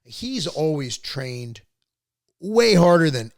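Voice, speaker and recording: A man's voice: a little high, very animated, slow pace, gravelly, no echo. A middle-aged man hosting a podcast, telling family stories in a rambling, profane, casual way. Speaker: podcast host. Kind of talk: casual chat.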